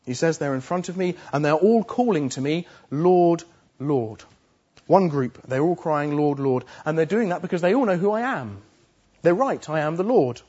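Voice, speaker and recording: Male preacher, earnest and emphatic, somewhat high voice, muffled lo-fi sound. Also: expressive, moderate pace, darkish tone, breathy edge. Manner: earnest, emphatic, repeats phrases for stress. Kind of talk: sermon.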